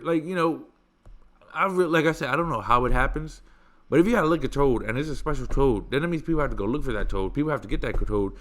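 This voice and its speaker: A man hosting a podcast, telling stories in a casual, animated way, swearing freely and stressing points through repetition. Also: fairly high pitch. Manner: animated, profane, emphatic repetition. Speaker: podcast host. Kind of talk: casual storytelling chat.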